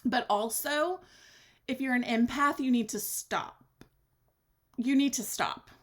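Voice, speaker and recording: A woman hosting her own podcast, talking alone in a blunt, sassy way, swearing freely and swinging her pitch for drama. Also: slow. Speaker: podcast host. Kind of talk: candid solo podcast monologue.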